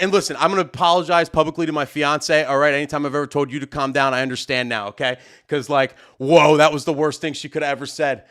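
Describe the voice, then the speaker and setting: Loud animated man telling a story. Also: a little high, fast talker, few pauses, clear, resonant tone. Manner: loud, animated, acts out both sides of the argument. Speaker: host. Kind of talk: live-stream storytelling rant.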